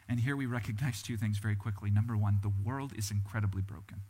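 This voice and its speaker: A man's voice: mid-range voice, a little fast, breathy edge. A man preaching a sermon in a conversational way, often asking his listeners "right?" and letting his voice rise and drop for emphasis. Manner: animated, voice rising and falling for emphasis.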